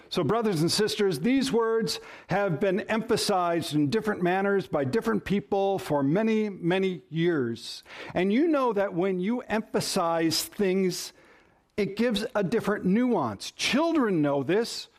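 A man's voice: high voice, expressive, a little slow. A man preaching a sermon as pastor, emphatic, shifting his stress and pace to drive points home.

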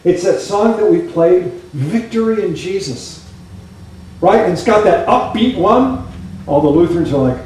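A male pastor preaching a sermon, telling stories in an animated, conversational way with quick asides to the congregation. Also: sits high, slight background noise. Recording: echoey room, voice from a distance.

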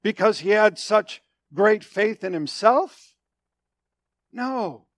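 High-voiced, slow-speaking male preacher. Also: expressive, dry recording. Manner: emphatic preaching that swings between loud declarations and hushed, low phrases; repeats and restates phrases for emphasis. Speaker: pastor. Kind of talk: sermon.

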